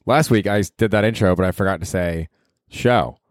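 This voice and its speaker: A man's voice: deep voice, fairly quick, no echo, clean studio sound. A man hosting a solo comedy podcast, rambling in a casual, profane and self-mocking way. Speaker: podcast host and stand-up comedian.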